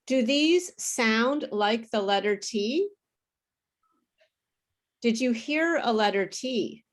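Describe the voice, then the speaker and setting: Slow, careful woman teaching pronunciation. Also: fairly high pitch, animated. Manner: slow, careful teacher explaining with apologies and laughs. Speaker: English pronunciation tutor. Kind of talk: online pronunciation lesson.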